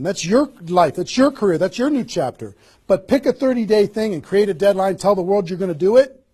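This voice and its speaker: High, husky-voiced man giving a pep talk. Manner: energetic, repeats rhetorical questions, coaching the audience. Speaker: network marketing trainer. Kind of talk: motivational seminar talk.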